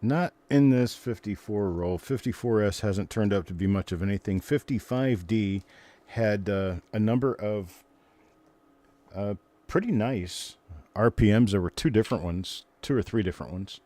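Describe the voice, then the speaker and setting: A man's voice: fairly low pitch, normal speed, dark tone. An older man hosting a live stream, chatting in a casual, rambling way as he greets and answers viewers.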